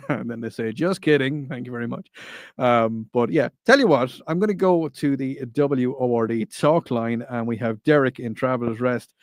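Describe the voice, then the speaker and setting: A man fills in as a talk radio host, joking his way through listener texts. He speaks at a middling pitch and sounds close and dry on a studio microphone, with an easy, rambling delivery. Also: moderate pace, no room sound. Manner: jokey, laughs easily, loose and rambling.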